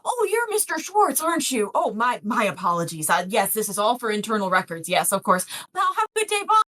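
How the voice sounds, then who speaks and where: A man's voice: high-pitched, huge pitch swings, brisk, bright, forceful tone, exaggerated voice. A woman voicing a nervous male deputy who stammers apologies. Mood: flustered.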